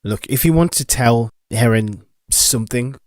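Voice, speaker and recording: A man's voice: medium pitch, measured pace, no room sound. A man playing a tabletop game in character, questioning the group with skeptical earnestness. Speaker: player.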